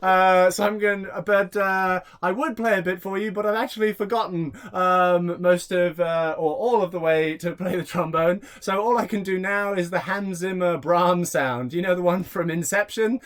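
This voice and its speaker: Giggly high-voiced comedy host. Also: male voice, fairly even intonation, moderate pace, few pauses, fairly bright tone. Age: young adult. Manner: giggly and flustered, stumbling over his words. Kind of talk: casual hosting on a video call. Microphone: laptop or headset mic on a video call.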